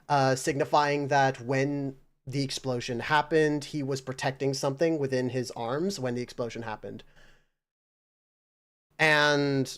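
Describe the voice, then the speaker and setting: A man's voice: mid-range voice, clear, resonant tone. A man narrating a tabletop game as game master, casual and loose, with plenty of fillers.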